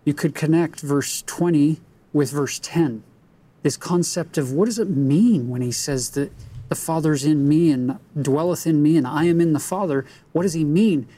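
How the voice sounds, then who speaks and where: Deliberate man reading scripture, dark tone. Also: fairly high pitch, breathy edge. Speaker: scripture teacher.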